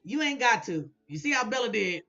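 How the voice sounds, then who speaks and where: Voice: medium pitch, sing-song, brisk, bright, forceful tone. Chatty vlogger with a blunt, swearing recap delivery, recorded on dull lo-fi audio with faint background music. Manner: chatty, blunt, laughs often, swears casually. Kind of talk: casual commentary.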